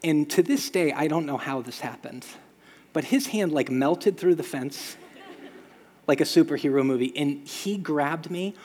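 Animated male preacher in a reverberant hall. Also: a little high, measured pace. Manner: animated storytelling with shouted sound effects. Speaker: pastor. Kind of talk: sermon.

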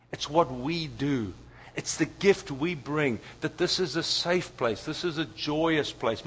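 A man preaching a sermon, telling family stories with lively asides to the audience. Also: medium pitch, slightly rough. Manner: storytelling, animated asides to the audience. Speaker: pastor.

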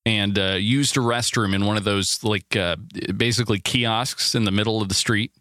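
A man's voice: lowish voice, steady tone, moderate pace, bright, forceful tone, dry recording, studio quality. A man co-hosting a morning show in casual chat, playful and teasing with rambling asides.

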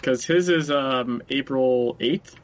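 A man chatting casually as a podcast co-host, blunt and quick to swear and laugh, a bit sick with a swollen throat. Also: mid-range voice. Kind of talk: casual chat. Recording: dull lo-fi recording.

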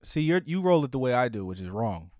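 A man's voice: mid-range voice, sing-song, quick pace, a little mellow, no room sound, clean studio sound. Young man joking in casual podcast banter. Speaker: podcast co-host. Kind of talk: casual chat.

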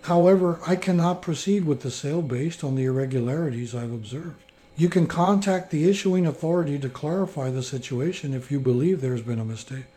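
A calm, courteous shop manager lady with a fairly high, mellow voice, read by a man. she stays even and polite, in a plain training role-play. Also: a little fast, lightly acted.

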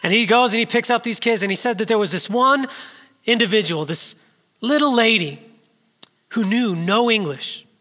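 A man in his thirties preaching a sermon, telling a story that builds from hushed to loud and urgent. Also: high-pitched, normal speed, long reverb tail.

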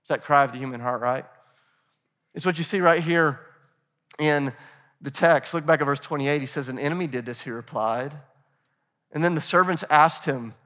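A man's voice: on the high side, normal speed, long pauses, bright, forceful tone. A man preaching a sermon in a church, talking casually and calling the congregation "guys.". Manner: acts out quoted voices of scripture figures. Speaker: pastor. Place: church in Nashville.

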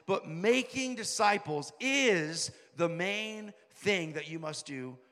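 Male preacher, gravelly, fairly high voice; storytelling sermon, reverberant hall. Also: expressive, takes it slowly, few pauses, sharp tone. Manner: storytelling, quoting people in lowered voices.

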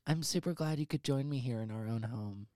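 A man's voice: medium pitch, fairly quick, dark tone, dry recording, studio quality. Profane, rambling man hosting a podcast. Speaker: podcast host. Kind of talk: casual comedic chat. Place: home office.

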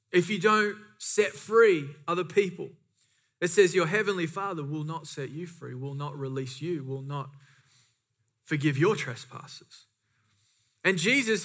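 A man's voice: sits high, bright, forceful tone. A man preaching a sermon, reading scripture and driving points home with emphatic repetition and casual asides. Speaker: pastor.

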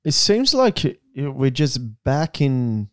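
A man's voice: medium pitch, very animated, dry recording, clean studio sound. A young Australian man hosting a podcast, chatting casually and joking around. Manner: joking, laid-back, quick asides. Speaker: podcast host. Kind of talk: casual chat.

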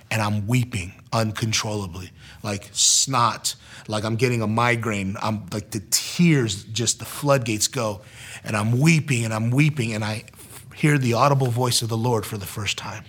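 A young man casually telling a personal testimony, using lots of fillers and acting out quoted lines in a raised voice. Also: mid-range voice. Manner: animated, acts out quotes in a raised voice; casual, filler-heavy with frequent likes.

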